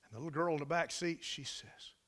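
A man preaching a sermon through a dramatic story, swinging between loud outbursts and hushed passages. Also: on the high side, fairly quick.

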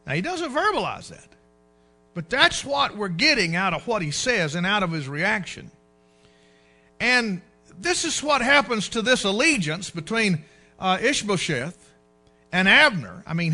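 A man preaching a sermon, folksy and animated, acting out the voices in the scripture he reads. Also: high voice, measured pace, faint music behind. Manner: animated preaching, acts out quoted speech, folksy.

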